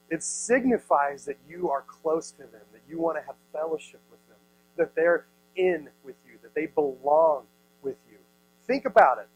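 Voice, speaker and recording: Animated man preaching to teens. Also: sits high, rough recording. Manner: playful, acts out voices, many "like"s. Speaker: youth pastor. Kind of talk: animated youth sermon. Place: youth service room.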